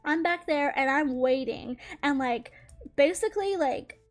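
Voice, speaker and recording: A woman's voice: high voice, a little slow, soft background music. A young woman chatting casually as she tells a story while drawing, swearing often and laughing along the way. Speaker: drawing channel host.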